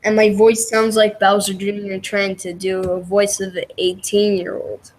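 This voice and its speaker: A man's voice: high voice, monotone, normal speed, a little hiss or hum, low-quality recording. A young man in his twenties chatting as a guest on a live stream, offhand and joking. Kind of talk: casual live-stream chat.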